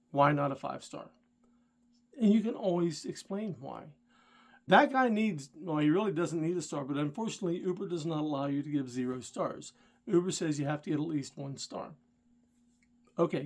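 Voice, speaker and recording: A middle-aged man, a rideshare driver and channel host, telling a story straight to the viewer and getting worked up and indignant. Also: a little high. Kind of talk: casual storytelling vlog.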